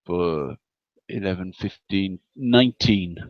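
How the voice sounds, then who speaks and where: Slow, low-voiced man on a muffled mic. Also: no echo. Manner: slow, halting narration with ums. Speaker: player. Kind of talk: narrating his character's actions in a tabletop game. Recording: dull, dry lo-fi mic.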